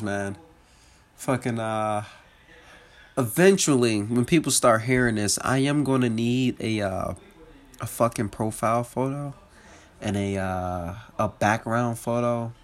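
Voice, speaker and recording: Congested man rambling on his podcast. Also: lowish voice. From New Jersey, USA. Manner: profane and self-mocking, laughs often. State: congested, sick. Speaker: comedian podcast host. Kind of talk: casual solo podcast rambling.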